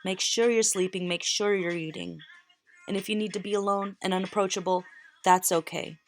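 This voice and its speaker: A woman's voice: medium pitch, fairly even intonation, normal speed, faint music behind. A woman giving a tarot reading in an earnest, emotional way, close to tears. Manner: earnest, emotional, repeats phrases for emphasis. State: near tears. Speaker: tarot reader.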